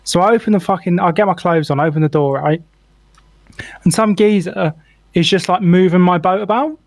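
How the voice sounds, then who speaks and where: A man's voice: sits high, normal speed, no room sound. A young man, a podcast co-host telling a rambling, sweary anecdote full of "like" in casual chat. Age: young adult. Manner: swears freely, animated anecdote with lots of "like".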